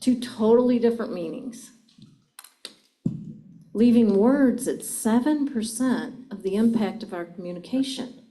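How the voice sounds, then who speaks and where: A woman's voice: on the high side, a little slow, warm tone, rough recording. A middle-aged woman presenting a communication seminar to a live audience, engaging them with frequent questions. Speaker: communication trainer.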